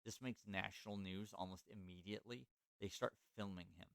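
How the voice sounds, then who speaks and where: A man's voice: on the low side, steady tone, a little fast, vocal fry, fairly bright tone, no room sound. A man hosting a podcast, telling a history story in a casual way with many fillers and restarts. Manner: loose, filler-heavy, self-correcting. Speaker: podcast host.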